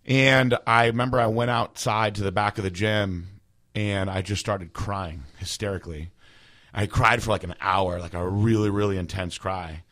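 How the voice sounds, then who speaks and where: A man's voice: lowish voice, fairly even intonation, moderate pace, a bit bright. A man in his thirties telling a personal story in a casual, rambling way, full of fillers. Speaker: podcast host.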